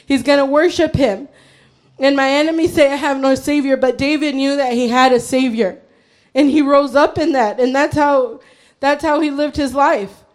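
A woman's voice: high voice, fairly even intonation, moderate pace. A woman preaching an impassioned sermon, her voice straining as she builds to fervent cries. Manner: fervent, rising to shouts and cries.

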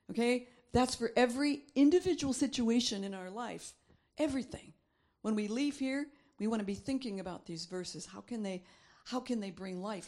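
A woman's voice: fairly high pitch, darkish tone. A middle-aged woman preaching a sermon, reading scripture aloud and repeating phrases for emphasis.

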